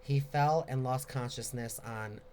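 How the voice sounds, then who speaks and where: A man with a mid-range voice hosts a casual live Q&A, answering viewer questions in a rambling, openly expressive way. A faint hiss of background noise sits under his speech. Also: mid-range voice, measured pace.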